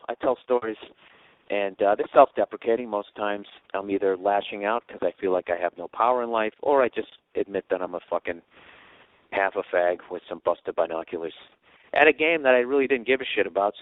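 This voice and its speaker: A man's voice: fairly low pitch, a little fast, dry recording, phone-quality sound. A man in his late thirties hosting a podcast, telling a rambling, profane, self-deprecating story. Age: 30s. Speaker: podcast host.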